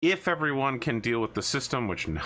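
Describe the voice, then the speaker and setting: A man's voice: mid-range voice, big pitch swings, fairly bright tone, slight background noise. A man hosting and running a tabletop game, chatting casually and joking before the session starts. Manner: chatty, joking, quick asides. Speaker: host and game master. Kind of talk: casual pre-game chat.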